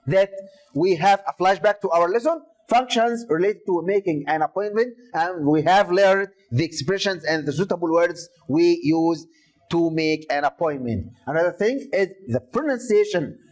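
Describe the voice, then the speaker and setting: A man's voice: high-pitched, animated, moderate pace, rough recording. A man teaching an English lesson to secondary students, explaining step by step and repeating key words; Arabic is his first language.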